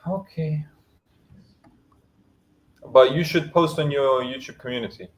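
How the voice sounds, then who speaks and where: A man co-hosting a casual podcast chat over a call, talkative and quick to argue. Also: a little high, rough recording. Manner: chatty, jokey, quick to argue. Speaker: podcast co-host.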